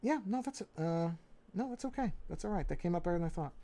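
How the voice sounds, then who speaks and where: A man with a New York accent, livestreaming as he draws, thinking aloud in a relaxed way, muttering to himself and correcting his own moves. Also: high-pitched, fast talker. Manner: talks to himself, muttering and repeating phrases. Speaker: livestreaming artist. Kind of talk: casual think-aloud commentary while drawing.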